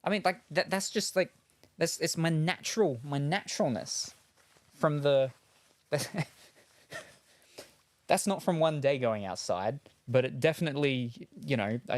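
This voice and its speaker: A man chatting casually on a live stream while unboxing, rambling and chuckling between remarks, on a headset. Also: mid-range voice.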